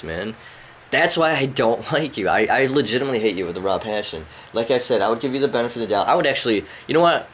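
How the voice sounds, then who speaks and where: A man's voice: fairly bright tone, slight background noise. Profane ranting young-sounding man. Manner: profane, rambling, confrontational, with a rising pitch when worked up. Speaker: vlogger. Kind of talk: angry rant to the camera. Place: at home indoors.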